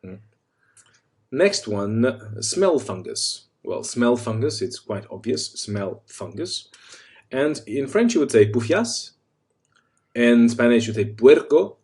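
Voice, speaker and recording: A man giving a casual spoken lesson, delivering insults and their translations in a wry, deadpan way. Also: mid-range voice, takes it slowly. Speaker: language tutor.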